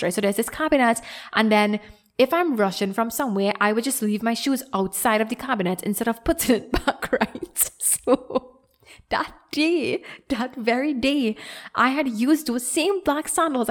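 Young woman rambling thru a story on her podcast, lots of "like", slightly high voice, laughs a lot. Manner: rambling, filler-heavy, animated retelling with frequent laughter. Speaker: podcast host. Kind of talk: casual storytelling.

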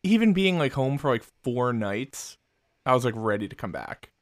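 Very animated at a normal speed, a young podcast co-host rambles through a relaxed, casual chat full of swearing. His voice sits in the mid range, and the clean studio recording has no room sound.

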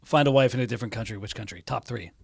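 A man's voice: mid-range voice, racing, creaky, slightly rough. A man co-hosting a podcast, argumentative, crude and joking on a dry close mic. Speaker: podcast co-host. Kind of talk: casual banter.

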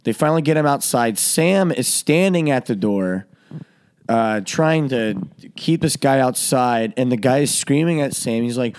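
A man hosting a podcast, telling a story to friends in a casual way, swearing and laughing often and jumping into loud, high voices when he quotes people. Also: animated, measured pace, clear, resonant tone. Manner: profane, laughing often while he tells the story. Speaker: podcast host.

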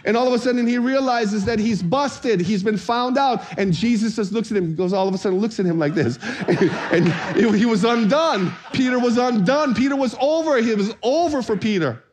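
A man preaching a sermon as pastor, energetic and playful, calling on the congregation to answer back. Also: extremely high pitch, moderate pace, few pauses.

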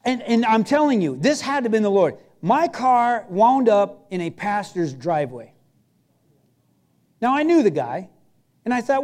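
Male pastor, very high voice, chatty and emphatic sermon storytelling. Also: big pitch swings, normal speed, darkish tone. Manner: storytelling preacher, emphatic and conversational.

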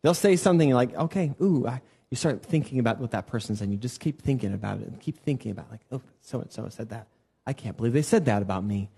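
Animated male preacher telling stories. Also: medium pitch, fast, vocal fry, slightly rough. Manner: animated storytelling, acts out quoted voices. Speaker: worship pastor. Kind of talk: conversational sermon. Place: church sanctuary.

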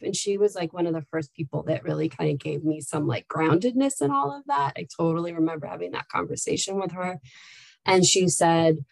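A woman's voice: lowish voice, brisk, vocal fry, dry recording, rough recording. A woman who leads a nonprofit, telling candid, heartfelt stories in a casual chat with frequent fillers. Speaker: nonprofit staff leader.

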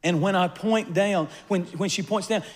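An older man preaching a sermon, telling a funny personal story with animated swings between quiet asides and loud bursts. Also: high voice, normal speed. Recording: long reverb of a large hall.

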